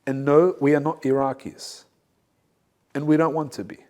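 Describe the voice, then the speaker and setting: A man's voice: a little high, little pitch movement, moderate pace, a little mellow. A man, a reverend hosting his own talk show, speaking casually and animatedly, often repeating his points for emphasis and mixing in jokes. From Assyrian community.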